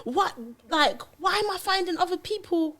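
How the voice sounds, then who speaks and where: A young woman, a podcast guest telling her life story in a lively way and acting out past conversations. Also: extremely high pitch, normal speed. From London. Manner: animated storytelling, acts out her own past dialogue. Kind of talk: candid podcast interview.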